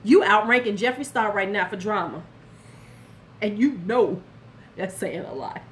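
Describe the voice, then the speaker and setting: Expressive and measured, an older woman's mid-range voice carries a casual commentary vlog about beauty. She speaks directly to the viewer with blunt, sassy advice, answering chat now and then.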